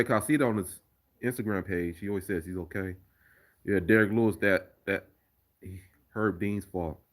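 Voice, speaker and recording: A man hosting a casual live stream, chatting loosely with viewers about fights and his remixes, often restarting sentences. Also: lowish voice. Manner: rambling, conversational, restarts often. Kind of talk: casual live chat reading viewer comments.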